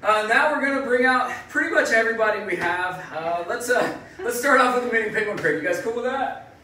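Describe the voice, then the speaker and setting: Zookeeper type, man, fairly high voice, chatty and upbeat, mask-muffled, roomy and distant mic. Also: lively intonation, a little fast, sharp tone. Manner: upbeat and chatty, talking through a face mask. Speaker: zookeeper presenter. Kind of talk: casual educational live stream. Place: indoor zoo birdhouse with penguins. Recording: echoey room, distant mic, faint noise.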